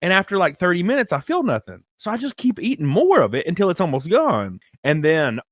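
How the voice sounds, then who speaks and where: A young man casually telling a rambling, animated story, full of "like" and casual swearing. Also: sits high, fairly quick, no room sound, studio quality. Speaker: guest storyteller. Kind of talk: casual storytelling on a live stream.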